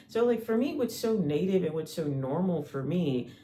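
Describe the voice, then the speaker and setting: A man's voice: fairly high pitch, animated, moderate pace, few pauses, mellow, a little hiss or hum. A man hosting a spiritual podcast, talking in a loose monologue with frequent restarts and asides. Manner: rambling, many restarts and asides. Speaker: podcast host.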